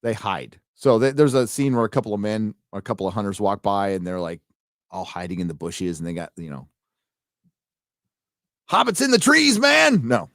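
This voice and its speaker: A man's voice: low-pitched, steady tone, brisk, a little mellow, dry recording, clean studio sound. A man reviewing a TV show in a casual live commentary, blunt and sarcastic, full of fillers and restarts. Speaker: video reviewer.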